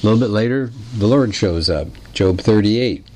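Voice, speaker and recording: A man teaching a lecture on literature in a conversational, explanatory way, putting questions to his listeners and clearing his throat now and then. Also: fairly low pitch, moderate pace, warm tone, slight background noise.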